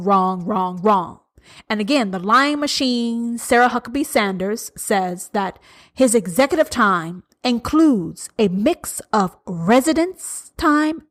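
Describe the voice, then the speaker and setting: Woman ranting, profane and heated. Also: a little high. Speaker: podcast host. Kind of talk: profane political rant.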